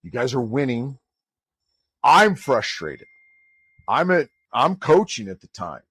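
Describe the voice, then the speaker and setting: The dry recording captures a middle-aged man, a college volleyball head coach, telling a podcast story slowly in a medium-pitched, slightly breathy voice. He's animated, acting out the dialogue of those he quotes.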